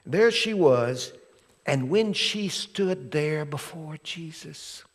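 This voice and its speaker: A man preaching a sermon as pastor, telling the story dramatically and swinging from loud to hushed. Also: a little high, lively intonation, slow pace. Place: church sanctuary. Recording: long hall reverb from a church.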